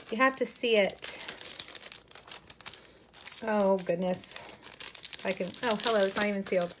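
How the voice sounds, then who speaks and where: Woman, middle-aged, slightly high pitch, chatty live-stream host, enthusiastic, casual, lots of ums. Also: a little hiss or hum. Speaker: craft demonstrator hosting a live stream.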